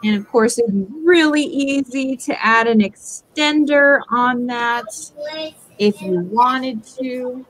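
A woman's voice: on the high side, takes it slowly, poor audio. A woman hosting a live jewelry auction stream, chatting casually as she describes each piece.

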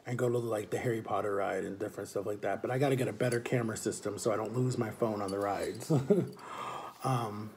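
A man's voice: lowish voice, fairly even intonation, brisk, a little mellow, a little hiss or hum. A man chatting casually and upbeat in a vlog, filling his talk with "like". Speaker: vlogger.

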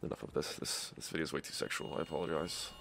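A young man with a stuffy nose giving excitable commentary over his own gameplay, trash-talking opponents. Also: a bass voice, quick pace, gravelly. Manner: excitable, swings to loud yelps and trash talk. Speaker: gaming YouTuber. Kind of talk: game commentary.

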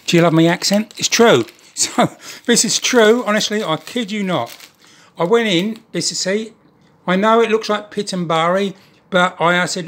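Chatty joking man with a higher voice. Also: normal speed, fairly bright tone. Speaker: model railway hobbyist vlogger. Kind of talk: casual chat to camera.

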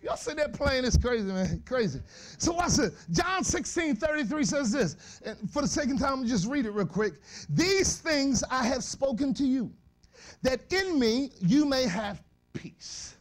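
Male preacher, high voice, animated church sermon. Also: unhurried. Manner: animated, shouting bursts, laughing asides, slangy. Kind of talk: lively sermon to youth.

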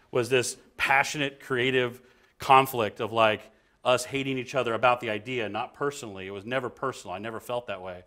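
A young man, a creative professional, talking casually about his process and acting out quick quoted exchanges. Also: mid-range voice. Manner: animated, acts out little quoted scenes. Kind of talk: casual explanatory talk.

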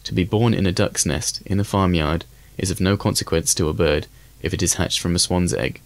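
A man with a very deep voice narrates a classic fairy tale for an audiobook. His reading is measured and even, and the recording is close and dry with no room sound. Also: no echo. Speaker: audiobook reader. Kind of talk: scripted storybook narration.

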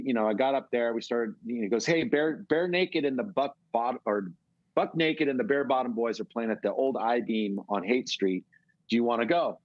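A middle-aged man from California, telling a long, animated story as a guest in a casual interview. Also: medium pitch, dry recording, lo-fi sound. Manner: rambling, animated storytelling with swearing. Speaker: guest musician.

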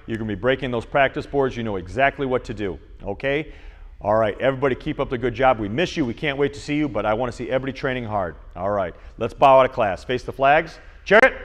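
A man leading a kids' martial arts class, his pitch climbing and dropping with lively energy. He talks to young students with frequent checks of "okay?" His voice rings with a long echo, as if in an open hall. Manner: energetic, calls out commands to kids.

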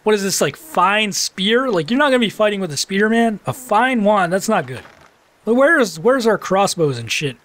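A man giving casual let's-play commentary. He is excitable, swears casually, and talks back to the game as he plays. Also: sits high, moderate pace.

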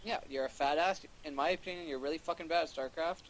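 A man's voice: a little high, fast talker, slight background noise, rough recording. A young man arguing bluntly and defiantly as a guest in a heated casual chat. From Canada.

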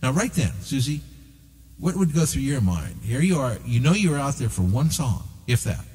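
A man hosting a talk show, telling a story in an animated way and acting out what others said. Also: medium pitch, moderate pace, breathy edge, big-room sound. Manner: animated, acts out quoted dialogue. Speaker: show host. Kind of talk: storytelling conversation.

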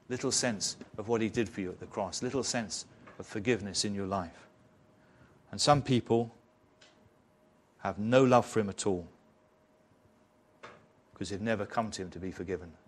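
A man's voice: fairly low pitch, moderate pace, long pauses, slight background noise. A man preaching an expository sermon in church, retelling a story in a conversational way with rhetorical questions.

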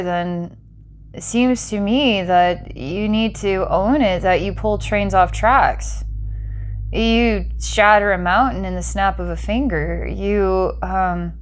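A woman doing a psychic reading for a client, rambling and breaking into giggles between intense passages. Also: mid-range voice. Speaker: psychic reader.

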